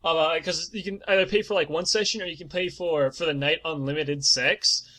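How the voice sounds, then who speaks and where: A man in his twenties telling a comedic personal story on a podcast, animated and swearing, now and then breaking into mock-dramatic singing. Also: a little high, brisk. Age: 20s.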